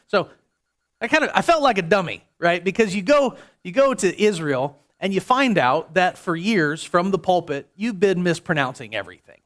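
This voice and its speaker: High-voiced, chatty male pastor preaching. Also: very animated, moderate pace, a bit bright. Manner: conversational, jokey preaching with frequent restarts. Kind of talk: sermon.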